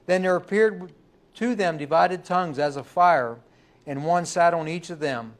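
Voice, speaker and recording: Male pastor, slightly higher voice, emphatic sermon delivery in church. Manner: emphatic preaching, rising and slowing on key words.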